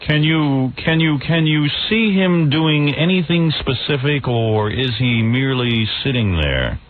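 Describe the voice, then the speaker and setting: A man impersonating a sleepy, dopey TV news anchor, reading slowly and solemnly. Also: medium pitch, expressive, lightly acted. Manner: slow, solemn newsreader delivery. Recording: tinny phone-like radio audio.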